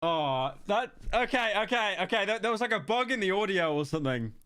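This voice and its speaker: A man's voice: sits high, big pitch swings, fairly quick, pushed and bright, clean tone, no echo. A man with a British accent live-streaming a horror game, joking and rambling defensively at chat. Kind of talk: casual live-stream commentary.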